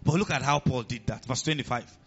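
A man with a Nigerian accent preaching a sermon as pastor, animated and often asking the congregation questions. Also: mid-range voice, fairly quick, breathy edge, muffled recording, soft background music.

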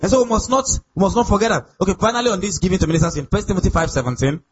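Male pastor, high voice, emphatic sermon, dull recording with music behind. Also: rapid-fire. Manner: emphatic, asks the congregation questions.

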